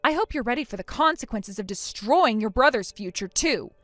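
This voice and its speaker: A woman's voice: on the high side, lively intonation, brisk, fairly bright tone, no echo. A woman voicing a furious, injured young bride who speaks in a cold, scornful and firm way. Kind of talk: text-message story voice acting.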